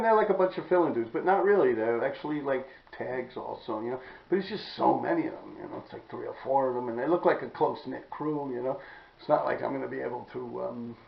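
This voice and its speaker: Podcast host, New man, heavy vocal fry, blunt and profane, roomy dull recording. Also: mid-range voice. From New York City. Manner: blunt, profane, rambling, clears throat often. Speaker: podcast host telling graffiti stories. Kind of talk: casual storytelling monologue.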